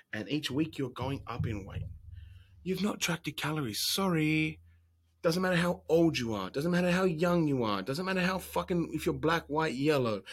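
A man, an online fitness coach, ranting bluntly and profanely about calories and accountability, loud one moment and muttering the next. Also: fairly high pitch, husky. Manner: profane, brash, animated, rants then drops to whispers. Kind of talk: blunt casual monologue.

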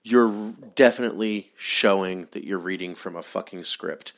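A man's voice: low-pitched, moderate pace, vocal fry, fairly bright tone, dry recording, studio quality. A man hosting a solo podcast, ranting with heavy profanity and repeated exasperated pleas. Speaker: podcast host. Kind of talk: solo wrestling podcast rant.

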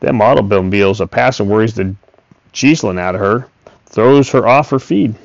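A man's voice: fairly low pitch, normal speed, gravelly, dry recording. A man voicing a talkative old male farmer and horse trader who coaxes in a folksy rural drawl. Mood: coaxing. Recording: dull, dry recording.

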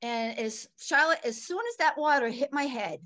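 An older woman telling a personal story in conversation, animated and laughing often, swinging between excited and hushed. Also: sits high, normal speed. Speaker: guest.

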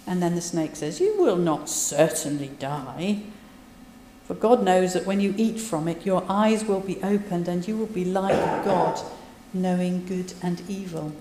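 A woman preaches in a relaxed, conversational way, retelling scripture and adding her own asides. Her voice is mellow and warm. It rings with long reverb across a large hall. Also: fairly low pitch, unhurried, slight background noise. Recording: echoey hall, voice from a distance.

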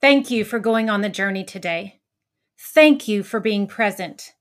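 A woman giving a motivational talk to educators, telling a story with lively acted-out quotes and laughter at her own punchlines. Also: mid-range voice, a little slow. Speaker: education speaker.

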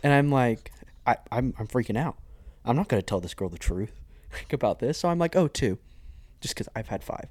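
A man's voice: medium pitch, brisk, slightly rough, dry recording. A man telling a story on a podcast in a dry, close sound. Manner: animated storyteller who acts out quoted voices. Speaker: podcast co-host. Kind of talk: casual storytelling chat.

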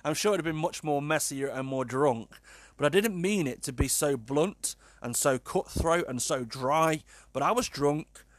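A man's voice: on the high side, a little slow, no room sound. Rambling British man telling a story, dry sound. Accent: British English. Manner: rambling and self-deprecating, with many "um" and "kind of" fillers. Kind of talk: personal storytelling monologue.

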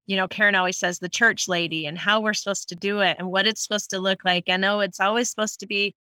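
An earnest woman chats on a podcast, with some stops and restarts. Her voice is bright and mid-pitched, and the sound is dry. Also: fairly even intonation, fast, smooth, no echo. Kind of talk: casual podcast conversation.

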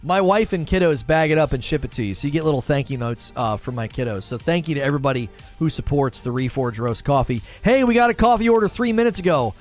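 A chatty, upbeat man in his thirties hosts a live talk stream from home, reading viewer comments and thanking people by name. His voice sits a little high for a man. Faint music plays quietly behind him. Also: animated, fast talker, hardly any pauses.

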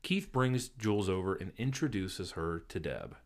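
A laid-back man co-host who rambles through his recap with plenty of fillers. His pitch moves a lot in loose, easy chatter. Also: expressive, normal speed. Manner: rambling, laid-back, lots of "you know" and "like". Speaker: podcast co-host. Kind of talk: casual recap chat.

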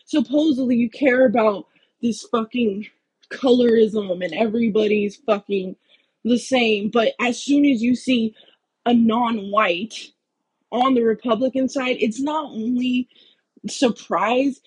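A woman's voice: fairly high pitch, unhurried, a little mellow, slightly rough, low-quality recording. A woman vlogger giving a heated, blunt political rant full of swearing. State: out of breath.

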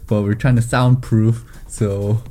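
A young university student co-hosting a casual podcast from home, teasing his friend in a wry, brisk way. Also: on the low side, level tone, dark tone, soft background music. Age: young adult. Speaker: podcast co-host. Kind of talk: casual chat. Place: bedroom hung with blankets.

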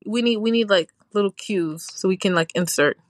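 A woman's voice: medium pitch, normal speed, no echo, clean studio sound. Chatty woman podcast co-host. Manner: chatty, animated storytelling with playful voice imitations. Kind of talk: casual chat.

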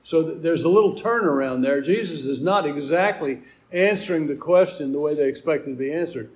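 A man's voice: fairly high pitch, brisk. A man preaching a sermon, explaining scripture in an earnest teaching manner.

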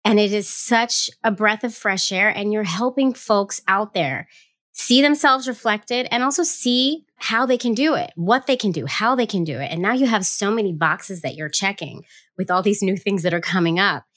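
A woman's voice: medium pitch, normal speed, fairly bright tone, no echo. A woman hosting a podcast, bubbly and effusive, talking close to the mic. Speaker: podcast host. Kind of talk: enthusiastic podcast interview.

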